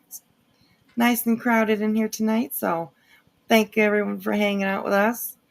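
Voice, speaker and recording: A woman's voice: medium pitch, little pitch movement, normal speed, vocal fry. A woman hosting a casual live stream, greeting viewers and agreeing with her guests. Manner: agreeable, welcomes chat viewers.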